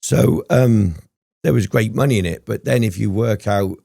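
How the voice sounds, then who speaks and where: A man's voice: lowish voice, moderate pace, gravelly, dark tone, no echo, studio quality. A man telling his story as a podcast guest, rambling and swearing often, with frequent ums. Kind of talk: candid storytelling interview.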